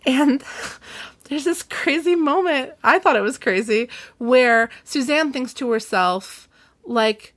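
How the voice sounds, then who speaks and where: A woman's voice: sits high, slow. A young woman hosting a podcast, animatedly retelling a book's plot in casual chat. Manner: chatty, animated, laughing retelling. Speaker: podcast host. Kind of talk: casual chat recapping a book.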